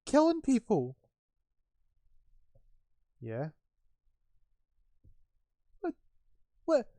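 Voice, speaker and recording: A man's voice: wildly swooping pitch, extremely slow, dark tone, no room sound, full character voice. A man voicing a frightened, stammering young male cave guard in a tabletop game. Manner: panicky, stammering, high and shrill.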